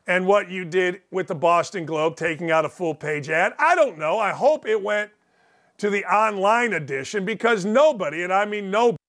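Middle-aged male sports host, high bright voice, blunt and ranting, sarcastic, curses. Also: lively intonation, moderate pace. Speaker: sports talk show host. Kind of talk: opinionated sports commentary monologue.

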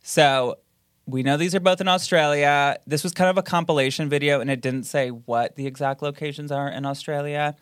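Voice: mid-range voice, steady tone, fairly quick, clean tone, dry recording, clean studio sound. A podcast host in casual chat, playfully quizzing a co-host and laughing between lines.

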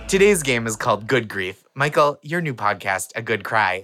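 A man hosting a comedic podcast quiz game, playful and quick to laugh. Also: fairly low pitch, animated, over music. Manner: playful, giggly, wry. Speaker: game show host.

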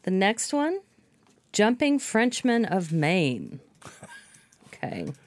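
A woman's voice: mid-range voice, huge pitch swings, takes it slowly. A woman co-hosting a podcast, reading topic notes aloud between brief casual replies. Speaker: podcast co-host.

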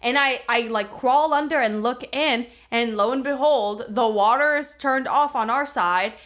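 A young woman co-hosting a podcast, telling a story in a casual, animated and profane way. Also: a little high, measured pace. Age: young adult. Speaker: podcast co-host. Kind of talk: casual chat.

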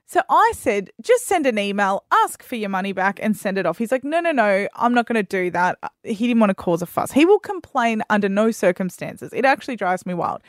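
A woman's voice: mid-range voice, big pitch swings, fairly quick, few pauses, no echo, studio quality. A woman co-hosting a podcast, telling stories in a chatty way. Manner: chatty storytelling. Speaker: podcast co-host. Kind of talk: casual radio chat.

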